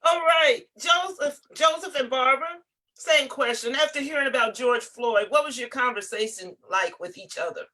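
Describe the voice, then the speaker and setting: A woman host leads a group conversation, keeping her prompts short and encouraging. Her voice is bright. She sounds distant from the microphone. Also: high-pitched, moderate pace.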